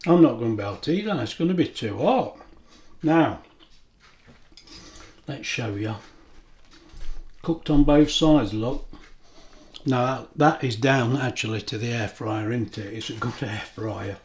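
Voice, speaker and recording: Chatty bloke chatting to camera, laughs a lot, roomy kitchen sound. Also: male voice, medium pitch, unhurried, pauses often, darkish tone. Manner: chatty, homely, laughs often. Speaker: food vlogger. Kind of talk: casual chat to camera. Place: home kitchen.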